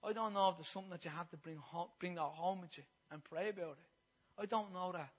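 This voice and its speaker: A man preaching a sermon, impassioned and repetitive, moving between loud passages and hushed ones. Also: sits high, brisk, low-quality recording.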